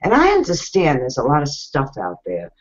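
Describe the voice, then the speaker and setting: A woman's voice: sits low, wildly swooping pitch, normal speed. A woman hosting an online business webinar, talking casually and bluntly as she coaches viewers directly. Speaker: webinar host. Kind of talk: casual motivational talk. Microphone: video call. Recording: muffled video call audio.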